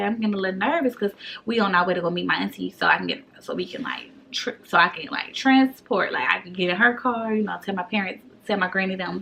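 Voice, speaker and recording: A young woman vlogger telling a storytime in a casual, animated way, acting out each quote. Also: medium pitch, quick pace, vocal fry, muffled recording. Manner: animated, acts out every quote.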